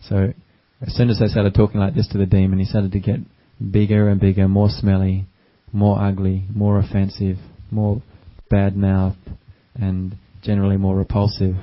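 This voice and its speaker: Low, monotone male meditation teacher. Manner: gentle, unhurried, with many fillers. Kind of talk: dharma talk. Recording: dull lo-fi recording.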